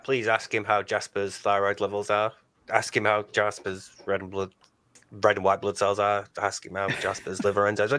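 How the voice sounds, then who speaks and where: A man, co-hosting a casual podcast with dry, deadpan teasing. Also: fairly high pitch, no room sound.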